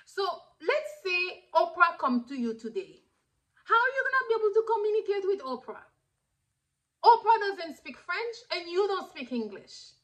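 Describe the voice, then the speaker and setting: A woman retelling what a teasing, blunt adult man said, firing quick questions at her. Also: extremely high pitch, very animated, fairly bright tone, pitched above the performer's own voice, exaggerated voice.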